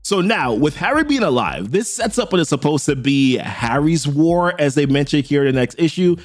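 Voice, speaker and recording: A man walking through the latest comic issue on his channel in a loose, chatty way. His pitch swings widely and sits somewhat high, and faint music plays behind him. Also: normal speed. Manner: animated, chatty, laughs while recapping. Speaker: comic book video host. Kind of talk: casual comic recap commentary.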